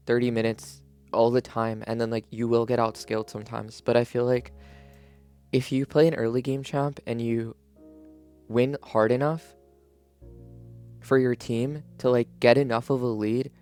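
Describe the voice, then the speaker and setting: A man's voice: mid-range voice, a little mellow, smooth. A man giving casual, rambling commentary on game patch notes in his just-woke-up morning voice, filling his talk with "like". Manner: rambling, heavy use of "like", frequent restarts. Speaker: video creator reviewing game patch notes.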